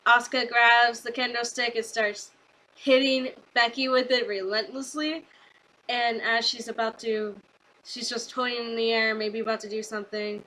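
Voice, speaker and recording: A young woman vlogger recapping a wrestling show in a casual, rambling way, gushing with excitement and full of fillers. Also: a little high, normal speed, rough recording.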